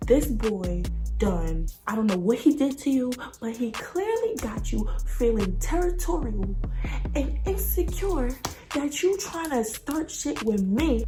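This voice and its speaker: Animated young woman telling a storytime. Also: fairly high pitch, moderate pace, over music. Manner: animated, slangy, dramatic storytelling. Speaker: vlogger. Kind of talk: casual storytime vlog.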